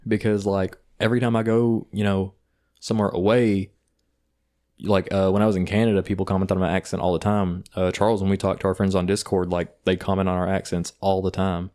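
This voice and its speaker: A young man with an Eastern Kentucky accent, co-hosting a podcast and telling stories in a casual, profane, animated way. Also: low-pitched, brisk. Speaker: podcast co-host. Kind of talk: casual chat.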